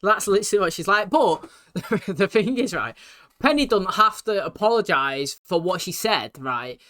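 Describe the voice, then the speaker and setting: A man's voice: sits high, animated, normal speed, pushed and bright. A British man giving casual, rambling commentary as a reaction video host, chatting and laughing as he talks.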